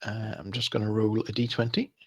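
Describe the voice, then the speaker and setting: Husky-voiced man asking questions at a tabletop game. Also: lowish voice, flat delivery, fairly quick. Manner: tentative, often asks the game master questions. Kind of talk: casual tabletop game talk.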